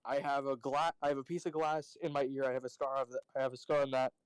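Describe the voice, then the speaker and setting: A man's voice: mid-range voice, flat delivery, quick pace, clean tone, no room sound, rough recording. A man streaming a game, telling a rambling story to friends in casual, profane speech full of fillers. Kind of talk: casual storytelling while gaming.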